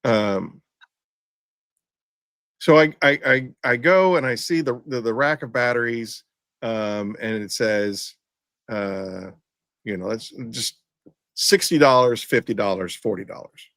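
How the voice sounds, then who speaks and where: A man's voice: mid-range voice, slow, pauses often, a bit bright, no room sound. Podcast host guy, ranty and stubborn, keeps restarting, dry close sound. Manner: rambling, stubborn ranting with many restarts. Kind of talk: casual storytelling.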